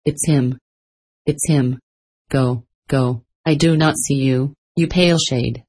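A woman's voice: extremely low pitch, steady tone, slow, darkish tone, slightly rough, heavily acted. A woman reading the lines of a bitter, guilt-ridden old man held in chains, in a storybook telling. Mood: terrified.

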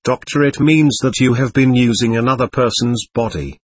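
A man reading the part of a calm, patient male doctor who explains things to a spirit, in a husky voice. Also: mid-range voice, normal speed, no echo, lightly acted.

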